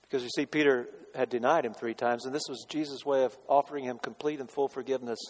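A man delivers a sermon in a church sanctuary, his voice carrying a long reverb through the hall. He pitches in a middling range and moves between forceful declarations and quiet, pointed questions to the congregation. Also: steady tone, fast. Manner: dramatic, swinging from loud declarations to hushed rhetorical questions. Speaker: pastor.

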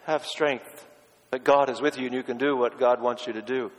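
A male pastor preaching a sermon, pressing hard on key words and dropping to a hush for quotes. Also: mid-range voice, steady tone, fast talker, in a large hall, poor audio. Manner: emphatic, swinging from loud stresses to hushed quotes.

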